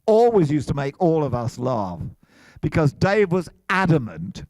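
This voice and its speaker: A man's voice: on the high side, unhurried, no echo. An older man, an actor being interviewed at a fan convention, telling wry behind-the-scenes stories. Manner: animated storyteller, wry. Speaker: actor guest. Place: comic con booth.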